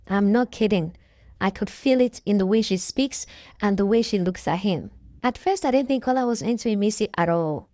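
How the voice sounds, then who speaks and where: A woman's voice: mid-range voice, a little mellow, no room sound, studio quality. A Nigerian woman with a stuffy nose from a cold, chatting emphatically and gossiping as she comments on a reality show. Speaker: reaction vlogger.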